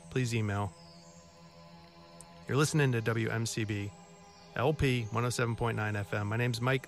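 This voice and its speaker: A man's voice: mid-range voice, a bit bright. A man hosting a college radio show, back-announcing songs in a wry, self-mocking, chatty way. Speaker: radio DJ host. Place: radio studio.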